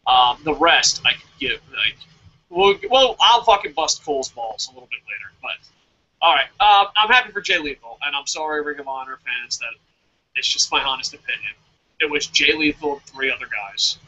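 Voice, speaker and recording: A man co-hosting a wrestling review show, swearing constantly and working himself up into shouted rants. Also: medium pitch, expressive, moderate pace, breathy edge, highs cut off. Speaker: wrestling podcast co-host. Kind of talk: profane ranting review.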